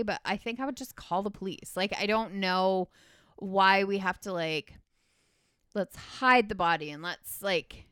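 A woman's voice: medium pitch, fairly bright tone, smooth, no room sound, clean studio sound. A woman recapping a movie in casual chat, rambling and full of filler words.

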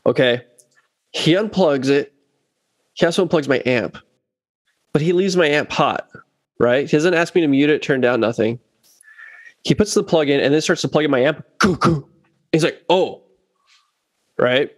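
Animated man telling a gig story. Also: fairly high pitch, normal speed, long pauses, no room sound, clean studio sound. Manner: animated, acts out quotes of others. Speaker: bass player telling a story. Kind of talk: casual chat, storytelling.

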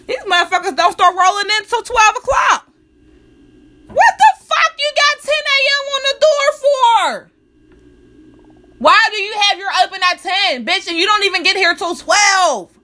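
High, sharp-voiced woman ranting profanely. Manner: heated, profanity-laden, confrontational. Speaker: law student. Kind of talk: storytime rant to camera.

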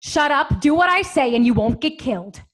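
An actress playing a tough, bossy barista turned commando who gives curt, threatening orders in a comedic audio drama. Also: female voice, sits high, expressive, fairly quick. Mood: menacing.

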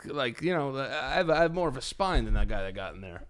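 A man's voice: mid-range voice, very animated, fairly quick, a bit bright, smooth. A young man co-hosting a casual podcast chat, blunt, crude and joking. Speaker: podcast co-host.

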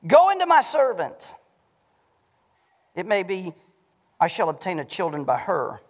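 A pastor preaching a sermon in a church, animated and swinging between shouting and hushed lows. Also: male voice, a little slow. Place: church sanctuary. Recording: long hall reverb.

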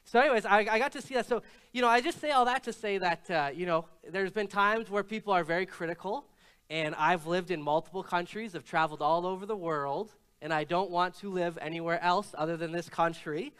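A man preaching a sermon as pastor, telling stories in a relaxed, conversational way with frequent hesitations. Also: high-pitched, brisk, smooth. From Canada.

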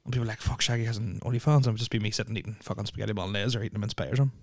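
A man's voice: lowish voice, fairly even intonation, rapid-fire, creaky, a little mellow, no echo. A young Irish man hosting a casual podcast, rambling and swearing constantly, with lots of filler words on a close mic. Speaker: podcast host.

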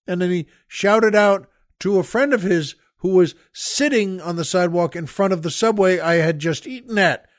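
An older man hosting a podcast, telling a rambling story with many halting restarts and asides to the listeners. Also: sits high, no echo, studio quality. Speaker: podcast host. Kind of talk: casual storytelling monologue.

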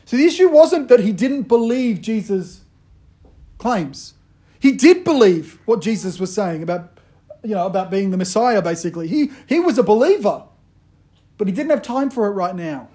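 A pastor giving a sermon in a relaxed, humorous storytelling way, often joking with the congregation. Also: male voice, sits high, normal speed.

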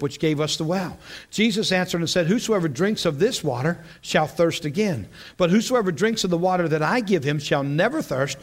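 A man preaching a sermon to a class, telling stories in an animated way with frequent laughs and repeated words. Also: a little high. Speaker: pastor.

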